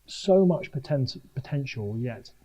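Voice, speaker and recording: A middle-aged man from Jersey giving a sermon at a Christian sports event, earnest and animated with self-mocking humour. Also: mid-range voice, a little slow, husky. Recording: dull lo-fi live talk recording.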